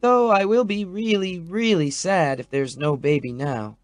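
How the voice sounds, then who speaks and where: A man voicing an anxious, emotional young pregnant woman in an audiobook, her voice soft and wobbly. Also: sits high, measured pace, no echo, soft background music, pitched above the performer's own voice. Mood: playful. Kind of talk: audiobook character voice.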